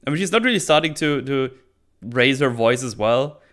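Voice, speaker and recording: A man's voice: mid-range voice, animated, moderate pace, fairly bright tone. A man hosting his own show, recapping a TV episode in casual commentary, sarcastic and swearing often.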